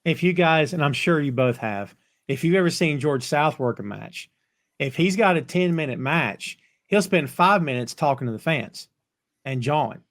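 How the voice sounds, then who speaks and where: A man with a somewhat high voice hosts a laid-back podcast conversation. He tells animated backstage stories and keeps the chat moving with quick asides. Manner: storytelling, animated anecdotes. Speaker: podcast host.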